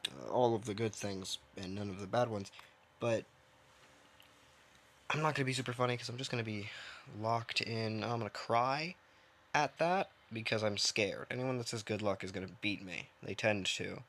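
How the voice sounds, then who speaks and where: A man giving casual, rambling commentary while he plays a game, mocking himself and thinking out loud from his own dim room. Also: lowish voice, normal speed. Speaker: gaming streamer.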